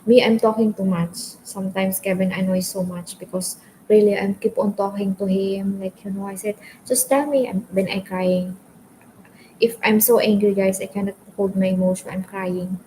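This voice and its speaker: A woman's voice: mid-range voice, little pitch movement, normal speed, dark tone, a little hiss or hum, rough recording. A woman from the Philippines chatting casually with viewers during a live stream, speaking English as a second language and talking openly about her relationship. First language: Filipino language. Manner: talks openly, addresses viewers as guys.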